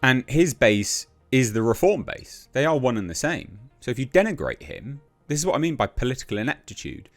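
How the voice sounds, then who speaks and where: A man's voice: mid-range voice, sing-song, a little fast, hardly any pauses, soft background music. A man giving casual political commentary, blunt and exasperated, with mocking sarcastic asides.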